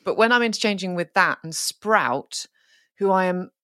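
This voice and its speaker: A woman's voice: on the low side, lively intonation, moderate pace, a bit bright, dry recording, studio quality. A woman hosting a podcast in casual chat, rambling and chatty with many fillers. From United Kingdom. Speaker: podcast host.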